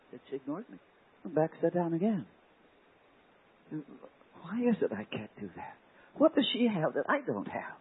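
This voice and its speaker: A man preaching a sermon, telling a story with dramatic swings from hushed words to loud exclamations. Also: a little high, sing-song, normal speed, long pauses, husky. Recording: tinny phone-like recording.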